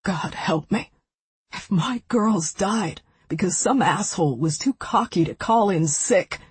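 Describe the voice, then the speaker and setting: A woman voicing a grieving young widowed father who swings into raw anger, in an audiobook, with a very husky voice. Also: medium pitch, animated, measured pace, dry recording. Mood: anguished.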